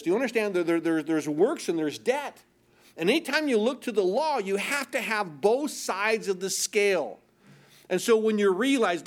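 A man with a high voice preaches a sermon. He keeps asking his listeners if they understand, and he repeats his phrases. He slips into quoted voices as he acts out the people in his stories. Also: expressive, normal speed. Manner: repetitive, rhetorical questions, acts out voices. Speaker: pastor.

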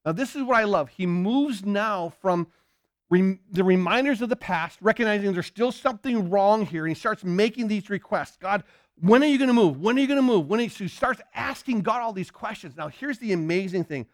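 High-voiced emphatic preacher man. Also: expressive, normal speed, dry recording, studio quality. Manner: emphatic call-and-response questioning, repeats himself. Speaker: pastor. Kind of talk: sermon.

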